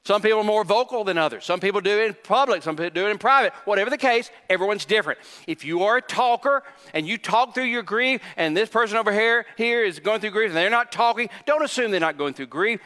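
High, bright-voiced preacher in a big hall. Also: male voice, expressive, fast. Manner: preaches with emphatic repetition, acting out quoted voices. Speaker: pastor. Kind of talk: sermon. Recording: long reverb of a church hall.

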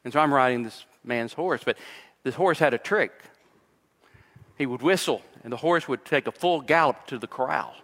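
A man, a pastor, preaching an expository sermon, mixing scripture with personal stories and rising in pitch when he presses a point. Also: normal speed, a bit bright, big-room sound.

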